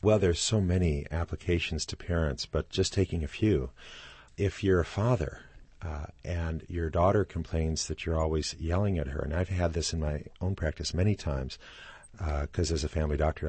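A middle-aged man, a family doctor and author, explaining things as a guest on a radio interview and acting out quotes in a louder voice. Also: a bass voice, normal speed, breathy edge, no room sound. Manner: explanatory, acts out quotes with raised voice.

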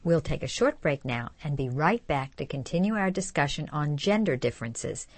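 Low-voiced woman hosting a radio show. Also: expressive, moderate pace, no echo.

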